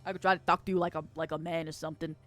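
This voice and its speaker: A woman's voice: deep voice, little pitch movement, very fast, a bit bright, no echo, faint music behind. A young adult woman streaming and casually chatting as she reads chat, bubbly and giggly with playful squeals.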